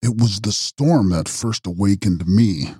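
A man reading a horror audiobook, voicing a grave gentleman who speaks slowly and solemnly. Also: fairly low pitch, slightly rough, no room sound, clean studio sound. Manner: slow, solemn, reassuring. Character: grave, steady older gentleman. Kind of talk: audiobook character voice.

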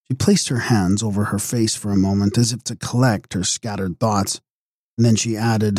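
A man narrating a gothic horror audiobook in a measured, dramatic way. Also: lowish voice, steady tone, a little mellow, no echo, studio quality. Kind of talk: scripted narration.

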